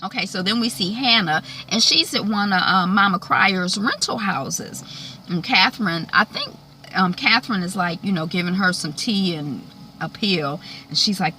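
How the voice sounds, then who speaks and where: A woman recapping a TV episode in a chatty, animated way, full of fillers. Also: mid-range voice, normal speed, slight background noise. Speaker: show recapper. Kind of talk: casual TV recap.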